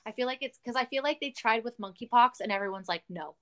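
A Canadian woman hosts a casual podcast chat, ranting with animated energy and swearing freely. Her voice sits somewhat high. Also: fast talker. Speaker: podcast host.

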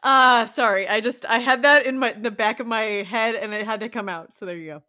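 A woman co-hosting a casual podcast chat about songs, playful and joking with quick asides. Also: a little high, pushed and bright. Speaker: podcast co-host.

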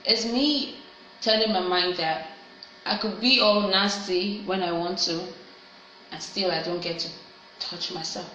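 A woman's voice: lowish voice, unhurried, pauses often, pushed and bright, slight background noise. Earnest woman in an echoey room. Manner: earnest, heartfelt, self-encouraging. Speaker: vlogger. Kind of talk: personal reflective monologue.

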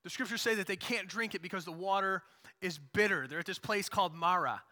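A man preaching a sermon in a casual, animated storytelling manner. His voice is high and very bright. A long hall reverb trails each phrase. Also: a little fast. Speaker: pastor.

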